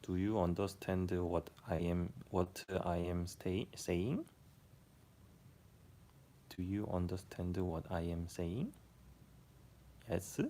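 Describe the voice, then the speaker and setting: A man's voice: low-pitched, takes it slowly, long pauses, warm tone, slight background noise. A man from Korea speaking English in a mix of American and Korean accents, chatting casually and jokily with viewers on a livestream. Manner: chatty, answers chat, jokey. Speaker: livestream host. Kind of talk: casual live-stream chat with viewers.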